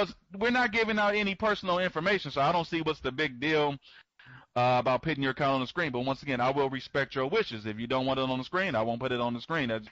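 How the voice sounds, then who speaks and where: A man's voice: medium pitch, fairly bright tone, dry recording, highs cut off. A man hosting an online members' conference, rambling and repeating himself, stammering through restarts and greeting attendees by name. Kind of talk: live webinar talk.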